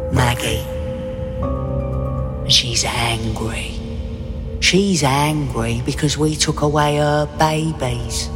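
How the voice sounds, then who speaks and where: A woman actor delivering a scripted first-person dramatic monologue in an intimate, brooding way. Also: rumbling low.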